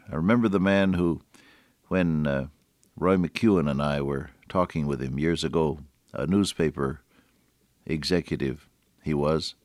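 A man preaching a sermon in an earnest way, slowing down and stressing key words. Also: a bass voice, no echo, studio quality.

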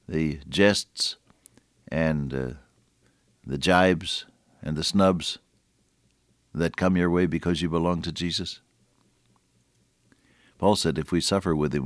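A man preaching a sermon in an earnest way, slowing down and stressing key words. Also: sits low, dry recording, clean studio sound.

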